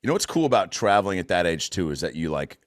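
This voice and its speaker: With a deep, sing-song voice and a fast delivery, this American podcast host rambles through a loose, casual chat full of swearing. The recording is dry and clean, studio-grade.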